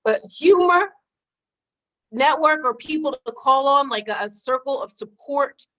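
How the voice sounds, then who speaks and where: A woman hosts a relaxed interview in a high voice, laughing easily and nudging her guest along with questions. The audio is somewhat dull and muffled. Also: a little slow. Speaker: podcast host, former teacher. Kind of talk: casual interview chat.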